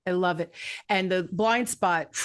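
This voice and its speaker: Animated woman host, dry close sound. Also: fairly low pitch, measured pace, dry recording. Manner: animated storyteller, acts out quotes. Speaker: podcast host. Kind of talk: casual interview chat.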